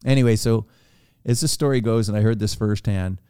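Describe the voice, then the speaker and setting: A man telling a long, animated anecdote on a podcast, with frequent restarts. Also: fairly low pitch, brisk, smooth, dry recording, clean studio sound. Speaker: podcast guest. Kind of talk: casual storytelling.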